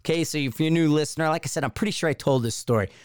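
A man's voice: fairly high pitch, racing, no room sound, clean studio sound. A man hosting a podcast, telling a long personal anecdote in a casual, rambling way and acting out the voices of the people in it. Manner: rambling anecdote with acted-out quotes. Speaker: podcast host. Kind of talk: casual storytelling.

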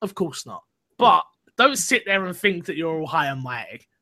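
A man's voice: on the high side, big pitch swings, moderate pace, pushed and bright. A young man hosting a gaming podcast, chatty and rambling in a casual way. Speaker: podcast host.

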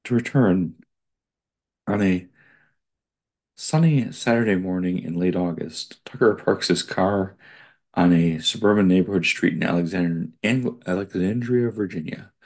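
A man's voice: low-pitched, measured pace, darkish tone. A man reading an article aloud and breaking off to add his own digressive comments.

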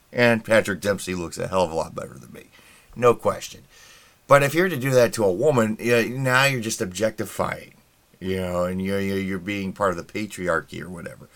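A man's voice: lowish voice, fairly bright tone. A middle-aged man hosting a podcast, delivering a casual, sarcastic, rambling opinion monologue with wry asides. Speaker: podcast host.

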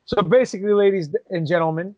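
A man co-hosts a podcast and explains the lore as an eager fan, swearing freely. His voice sits a bit high. His audio is dull and lo-fi, but dry and close. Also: quick pace, dark tone, dry recording. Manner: enthusiastic fan, profane, laughs often. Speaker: podcast co-host. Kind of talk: casual podcast banter.

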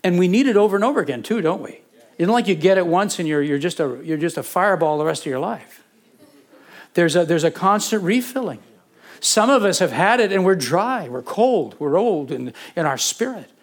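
A male pastor preaching a sermon and leading prayer, fervent, building from quiet talk to urgent pleading and repeating phrases for emphasis. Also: high voice, expressive, fairly quick.

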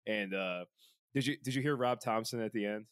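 A man's voice: on the low side, brisk, fairly bright tone, clean tone, no room sound, studio quality. A young man hosting a casual sports podcast, rambling and profane with lots of fillers. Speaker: podcast host.

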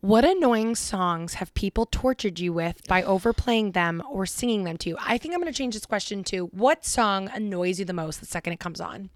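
A woman's voice: medium pitch, lively intonation, normal speed, few pauses, no echo. A woman co-hosting a casual podcast chat, swearing freely and breaking into sung lines and giggles. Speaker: podcast co-host.

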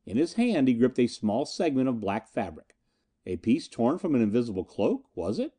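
A man reading a first-person adventure tale with tense, dramatic delivery. His pitch moves a lot, rising and falling through the lines. The tone is dark and mellow. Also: very animated, normal speed. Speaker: audiobook narrator. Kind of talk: scripted first-person narration.

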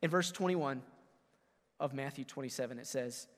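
A man pastor preaching a sermon to his congregation, swinging from booming, emphatic lines to hushed ones and speaking straight to the listeners. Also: normal speed, big-room sound. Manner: talks directly to the congregation.

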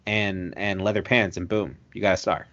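A man co-hosting a casual wrestling chat, laid-back, mostly short agreeing replies, warming into enthusiastic runs. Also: low-pitched, steady tone, moderate pace, muffled recording. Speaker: co-host.

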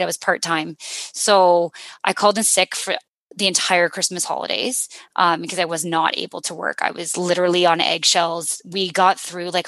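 A paramedic woman in her thirties, from Canada, recounting a personal ordeal in an interview, earnest and halting with many restarts. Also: on the low side, fairly bright tone, no room sound. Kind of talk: personal story in a podcast interview.

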